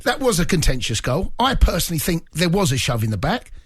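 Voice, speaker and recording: A man's voice: fairly high pitch, sing-song, fairly quick, slightly rough, dry recording, clean studio sound. A man co-hosting a sports radio phone-in, teasing the caller and laughing along. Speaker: radio co-host.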